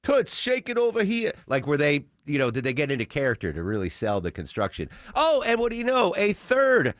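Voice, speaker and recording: A man's voice: medium pitch, brisk, no echo. A man hosting a talk radio show, joking around in casual banter on a studio mic. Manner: joking, animated, riffs and does silly voices. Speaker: radio host.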